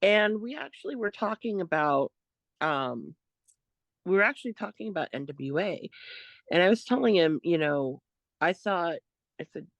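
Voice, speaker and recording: A woman co-hosting a podcast, telling a story in a casual, animated way, quoting what others said. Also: fairly low pitch, no echo. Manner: animated retelling, quotes others, laughs often. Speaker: podcast co-host.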